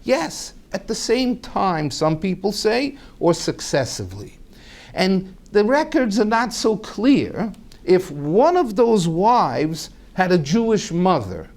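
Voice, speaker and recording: Cautious community elders , voiced by a male storyteller, ease into hard news with slow, tactful phrasing. Their voices sit slightly raised and soothing, careful not to provoke. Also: high voice, a little mellow, pitched above the performer's own voice, heavily acted.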